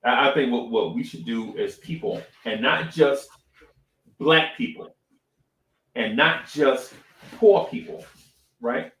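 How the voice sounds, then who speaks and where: Animated middle-aged man, echoey room. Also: mid-range voice. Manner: animated storytelling, repeats phrases, says "right?" often. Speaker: podcast co-host. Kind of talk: casual live-stream talk.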